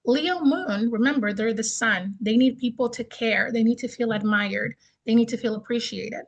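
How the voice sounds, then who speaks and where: A woman teaching a beginner astrology class in a chatty, expressive way, often checking in with "right?". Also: fairly high pitch, normal speed, few pauses, muffled recording. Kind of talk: casual class lecture.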